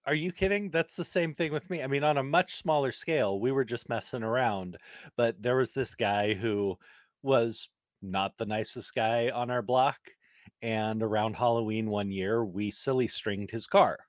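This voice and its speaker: A man co-hosting a podcast, telling stories in a casual, animated way. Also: medium pitch, normal speed, no room sound. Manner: animated, laughing storytelling. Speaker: podcast co-host. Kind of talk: casual chat.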